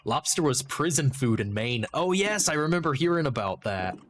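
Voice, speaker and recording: A man's voice: medium pitch, sing-song, moderate pace, a little hiss or hum. A man streaming a game and chatting casually, rambling and joking as he interrupts himself. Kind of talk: casual livestream chat while gaming.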